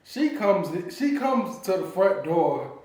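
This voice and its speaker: A man in a relaxed, chatty mood tells a family story, breaking into laughter often. His voice sits a little high. He's picked up from across a very echoey room. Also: takes it slowly, far from the mic. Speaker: family vlogger. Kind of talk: casual storytelling.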